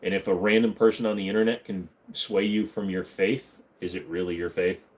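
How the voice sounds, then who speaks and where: A man's voice: sits low, fairly even intonation, a little fast, darkish tone. A man hosting a casual livestream from his home computer room, reading chat questions aloud and answering them in a rambling, joking way.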